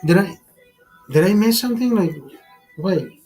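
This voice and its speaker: A man's voice: on the high side, measured pace, a little mellow, low-quality recording. Tipsy male streamer, rambling profane rant, restarts often, faint background music. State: tipsy from drinking. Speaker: livestream host. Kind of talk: casual drinking livestream rant.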